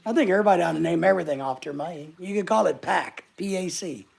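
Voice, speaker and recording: A man hosts a casual livestream from his living room couch. He jokes around and reads out his viewers' comments. His voice has a gravelly, fry-edged texture. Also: sits high, quick pace, darkish tone. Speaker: livestream host. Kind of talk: casual live chat.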